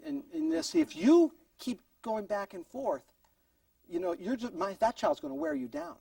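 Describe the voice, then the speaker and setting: High gravelly-voiced man teaching parents. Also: big pitch swings, a little slow, dark tone, no echo, recorded from a distance. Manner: earnest, acts out short parent and child exchanges. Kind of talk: recorded parenting class lecture.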